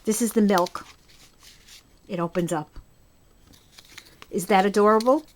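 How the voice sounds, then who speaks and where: Showing her craft projects in a casual show-and-tell, a Brooklyn-accented host chats with enthusiasm, wandering a bit and restarting now and then. Her voice is medium in pitch and a little slow, with some faint background noise.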